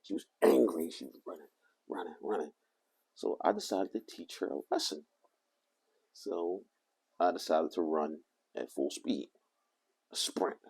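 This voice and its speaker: An older man telling a rambling, animated story to the camera. He often corrects himself as he talks. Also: deep voice, unhurried, vocal fry, long pauses, breathy edge. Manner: animated, meandering, self-correcting. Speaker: vlogger.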